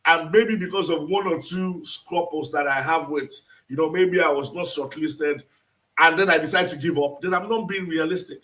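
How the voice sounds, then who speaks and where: A man from Nigeria, a lecturer and interview guest, telling stories emphatically in an animated live online interview. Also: a little high, moderate pace. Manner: animated, emphatic storytelling with acted-out quotes. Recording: distant from the mic.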